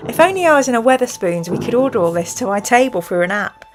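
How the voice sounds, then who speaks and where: A woman's voice: a little high, lively intonation, fast talker, slight background noise. A woman hosting a live stream from home, chatting in rambling asides and reading an adventure book aloud. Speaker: host. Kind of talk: live-streamed gamebook play and chat.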